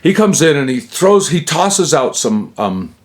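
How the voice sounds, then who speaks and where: A man's voice: a little high, sing-song, measured pace. A man hosting his own channel, telling a personal story in a rambling, casual way, full of fillers and acted-out dialogue. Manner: rambling, acts out quoted dialogue; frequent fillers and self-interruptions. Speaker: channel host.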